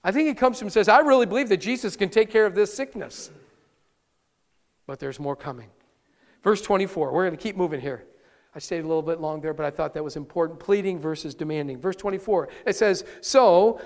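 A male pastor preaching a sermon live, earnest and animated, often restarting his words. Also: high-pitched, big-room sound. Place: church sanctuary, live-streamed service.

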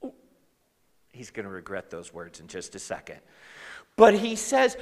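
A man preaching a sermon as pastor, animated and talking straight to his congregation. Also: fairly low pitch, normal speed, pauses often, long reverb tail.

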